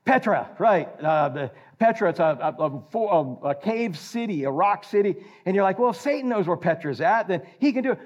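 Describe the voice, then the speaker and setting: An older man preaching a sermon, animated and jokey, quizzing the congregation. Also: high-pitched. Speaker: pastor. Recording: slightly dull lo-fi recording.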